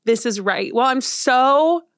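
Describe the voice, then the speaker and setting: A woman's voice: high-pitched, expressive, slow pace, clear, resonant tone, no echo, studio quality. A young woman in her twenties co-hosting a podcast, chatting casually and gushing with lots of "like". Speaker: podcast co-host. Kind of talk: casual chat.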